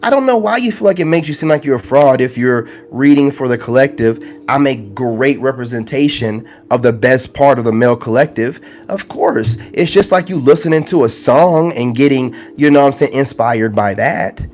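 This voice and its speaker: A man's voice: mid-range voice, animated, moderate pace, hardly any pauses, a little mellow. A man ranting straight to his viewers in a confrontational, slangy monologue, repeating his points as an online spiritual content creator. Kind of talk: ranting direct-to-camera monologue.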